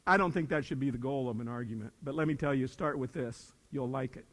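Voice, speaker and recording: A man in his sixties, a retired teacher, gives a folksy, plainspoken talk to high school students, swinging from loud to hushed. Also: fast, few pauses. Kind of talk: motivational speech to students. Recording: long reverb of a large hall.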